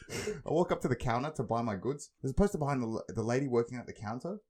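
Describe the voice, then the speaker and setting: A man's voice: mid-range voice, a little fast, slightly rough. Swearing young man telling stories. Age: young adult. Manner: swearing, laughing, animated storytelling. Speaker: podcast co-host. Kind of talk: casual chat, storytelling.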